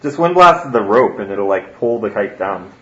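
A man's voice: on the low side, animated, moderate pace, a bit bright, highs cut off. A man playing in a tabletop game, pushy and full of advice to the others. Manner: pushy, keeps giving advice. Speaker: player. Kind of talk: casual tabletop game chat.

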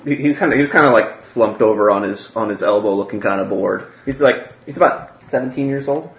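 A man's voice: on the low side, fairly quick, gravelly. A man narrating as game master, hesitant and full of fillers. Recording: roomy, dull, faint noise.

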